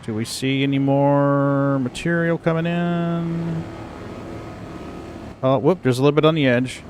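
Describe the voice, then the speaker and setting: A man's voice: mid-range voice, steady tone, a little slow, background noise. A middle-aged man hosting a livestream, chatting casually with viewers in a rambling, chatty way full of exclamations. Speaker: livestream host. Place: home computer setup.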